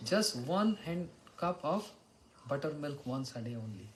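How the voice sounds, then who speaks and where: A man's voice: fairly high pitch, expressive, moderate pace, low-quality recording. Man giving a devotional talk. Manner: storytelling, chants Sanskrit and Bengali verses. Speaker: spiritual teacher. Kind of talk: devotional morning lecture.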